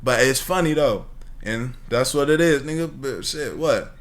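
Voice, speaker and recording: A man's voice: mid-range voice, animated, moderate pace. A man hosting a reaction video, talking casually with lots of slang and swearing, rambling and laughing as he watches.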